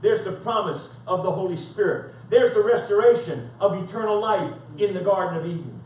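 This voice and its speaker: A man's voice: high voice, fairly quick, darkish tone. A man preaching a sermon, reading scripture dramatically and with emphasis. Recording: echoey room from far off, faint background.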